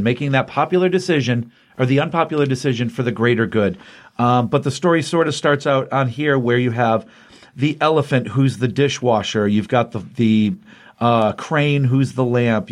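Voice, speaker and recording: A man casually recapping a comic book issue, chatty and rambling, often acting out the characters' lines. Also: mid-range voice. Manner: chatty, rambling, acts out quotes.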